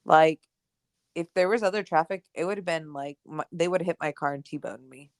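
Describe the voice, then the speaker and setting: A young adult woman co-hosting a podcast, telling a personal story in casual chat, animated and full of "like" and "right?", acting out the dialogue she quotes. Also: low voice, moderate pace, no echo, studio quality. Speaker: podcast co-host.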